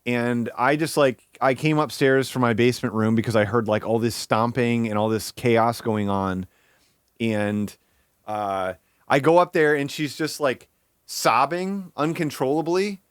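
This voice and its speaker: A man's voice: mid-range voice, unhurried, clean tone, no echo. Young man, rambling live-stream chat, casual, dry close sound. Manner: rambling, with many fillers and restarts.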